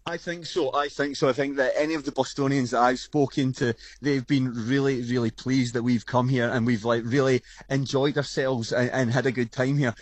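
A man, a football fan chatting excitedly in a radio interview. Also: medium pitch, no echo. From Scotland. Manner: excited, chatty, quick restarts.

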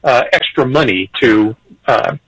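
A man discussing politics on a radio talk show, animated, chuckling, with frequent restarts. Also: medium pitch, measured pace, husky, low-quality recording. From Irish heritage. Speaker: political commentator.

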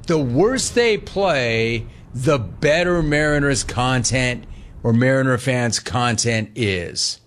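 A man's voice: medium pitch, takes it slowly. A man in his forties from Los Angeles hosting a sports talk show, telling rambling stories and reading live chat. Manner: animated, rambling storytelling, repeats phrases.

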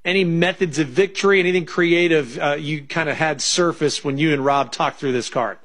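A man with a slightly raised pitch hosts the show, feeding questions to his analyst. He talks loosely and pads his questions with fillers as he sets up each pick. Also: moderate pace, fairly bright tone. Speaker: show host. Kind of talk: hosting questions on a betting show.

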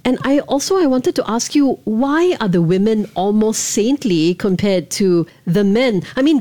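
Woman interviewer, warm low voice, keen questions, dry mic. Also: no room sound. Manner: enthusiastic, opinionated questioning. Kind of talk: interview conversation.

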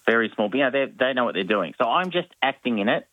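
A man's voice: mid-range voice, big pitch swings, fast talker, no echo, phone-quality sound. A man, an actor guest on a radio chat show, talking in a rambling, self-mocking way with many restarts.

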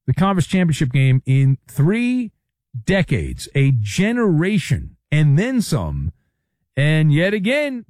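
Sarcastic, lively sports radio host, man. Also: high-pitched, no echo, studio quality. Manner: sarcastic, riffing, playful asides. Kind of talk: sports talk monologue.

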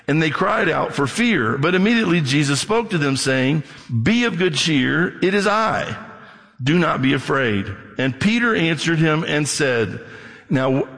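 Gravelly-voiced male preacher in a reverberant hall. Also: a little high, fairly bright tone. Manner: conversational preaching, acts out Bible scenes. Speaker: pastor. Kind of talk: sermon.

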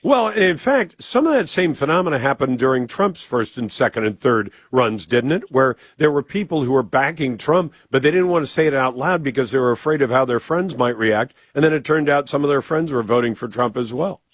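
A man's voice: medium pitch, expressive, brisk, hardly any pauses, husky, no room sound. Male radio host, dry studio sound, conversational, steers the chat with questions. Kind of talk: casual political talk on radio.

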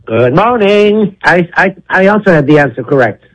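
A man's voice: high voice, lively intonation, normal speed, no echo. Eager male caller on a dull line. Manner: eager, reeling off lists. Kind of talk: phone-in talk radio.

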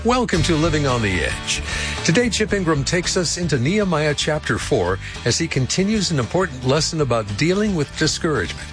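A man announcing a radio program, reading a smooth scripted introduction. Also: on the high side, brisk. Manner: smooth, lively announcer read. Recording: guitar music underneath.

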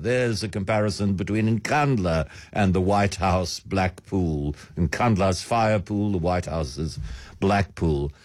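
A man's voice: low voice, measured pace, no room sound. A man hosting a radio talk show, delivering a sardonic, theatrical monologue with a swooping delivery. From South Africa.

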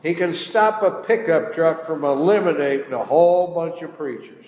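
A man's voice: fairly high pitch, moderate pace, a little mellow. An older man preaching a sermon, telling a story in a folksy, plain-spoken way. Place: church hall. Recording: echoey hall, faint room noise.

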